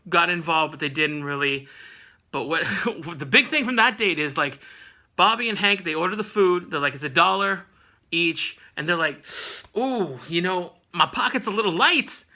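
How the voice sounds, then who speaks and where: A man's voice: on the high side, pushed and bright. A man casually recapping a comic issue with rambling, jokey asides. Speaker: comic book reviewer.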